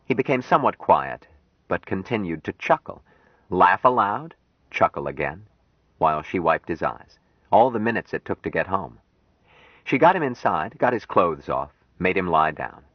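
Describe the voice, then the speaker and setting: A man narrating an audiobook in a measured, even storytelling manner. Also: low voice, slightly rough, no echo. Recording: dry, dull lo-fi audiobook recording.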